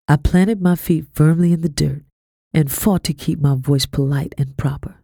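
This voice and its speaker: A woman reading a first-person storybook, earnest and quietly tense, sometimes dropping to a whisper. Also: low voice, moderate pace, slightly rough, dry recording, clean studio sound. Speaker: audiobook reader.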